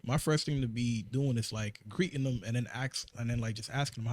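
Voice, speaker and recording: A man's voice: mid-range voice, darkish tone, dry recording. A man with a New York accent on a casual podcast, telling work stories in an emphatic way, restarting his sentences often. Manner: fast, emphatic storytelling with repeated restarts. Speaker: podcast co-host. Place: podcast studio.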